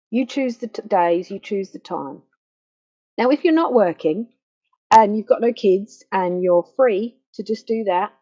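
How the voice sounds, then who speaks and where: Woman grief counsellor, warm low-key tone, soft and unhurried guidance, muffled recording. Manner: gentle, slow and reassuring, softening to a near hush. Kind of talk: guided self-help talk. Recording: dull lo-fi faulty microphone.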